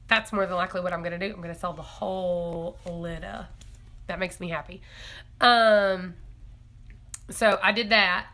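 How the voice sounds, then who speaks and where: Bright, giggly woman. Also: fairly low pitch, steady tone, moderate pace, pauses often. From East Tennessee. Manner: chatty and giggly, reads viewer comments aloud. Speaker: homestead livestream host. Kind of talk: casual live-stream chat.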